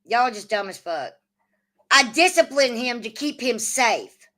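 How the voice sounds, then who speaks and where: A woman's voice: on the high side, very animated, unhurried, pushed and bright. A woman hosting a casual livestream, swearing often and arguing back at her chat. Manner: profane, combative, answers chat. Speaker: livestream host.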